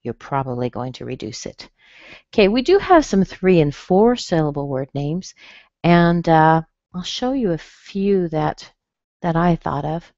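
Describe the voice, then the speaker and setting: A woman running an online pronunciation class, taking her time and saying each word twice. Her voice sits a little low and close, with no room around it. The sound is a bit dull, like webinar audio. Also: lively intonation, darkish tone, no echo. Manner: slow, careful, repeats words for practice. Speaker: pronunciation teacher. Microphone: computer mic on a webinar.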